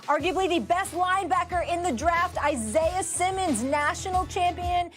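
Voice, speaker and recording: High-voiced woman moderating a sports show. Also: fairly bright tone. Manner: brisk segment transitions. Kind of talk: live sports show hosting.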